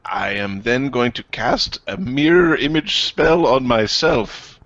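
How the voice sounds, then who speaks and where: Slow gravelly guy at the game table, dull lo-fi recording. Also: mid-range voice, fairly bright tone, dry recording. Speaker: player.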